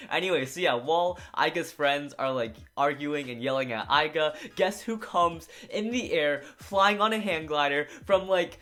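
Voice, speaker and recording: A man's voice: fairly high pitch, normal speed, few pauses, sharp tone. A man casually recapping and reviewing an anime episode, rambling with lots of filler words.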